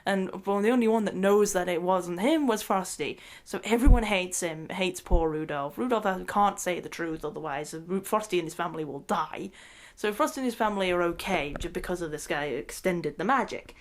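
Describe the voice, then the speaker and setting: A woman recapping a movie in a rambling, excitable rant, often breaking into laughter mid-sentence. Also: fairly low pitch, moderate pace. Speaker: movie reviewer.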